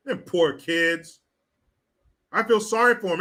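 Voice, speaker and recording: A man's voice: high voice, slow, pushed and bright. A man delivering blunt, profane, indignant commentary to the camera. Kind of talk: ranting commentary.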